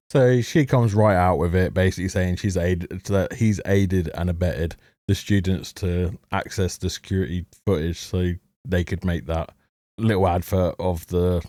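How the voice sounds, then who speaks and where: Profane sarcastic man ranting, mellow low voice. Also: dry recording, studio quality. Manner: sarcastic, heavily profane, mocking laughs. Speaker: TV reviewer. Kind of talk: ranting commentary over a show.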